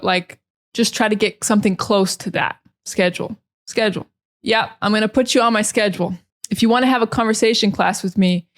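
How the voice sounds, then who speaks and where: A young American woman talks through an English pronunciation lesson in a loose, chatty way. She says each word over and over, slowly and clearly, so learners can copy her. Her voice sits at an ordinary middle pitch. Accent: General American. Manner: chatty, repeats words slowly to model pronunciation. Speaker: English teacher.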